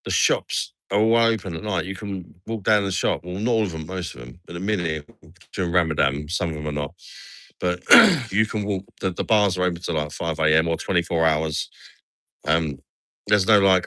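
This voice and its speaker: A chatty English man hosts a casual livestream and keeps calling people "mate". His voice is very low yet bright and forward. The sound is close and dry, with no room around it. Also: normal speed, no echo. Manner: chatty, says "mate" a lot. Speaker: livestream host. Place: outdoors at night in a resort town.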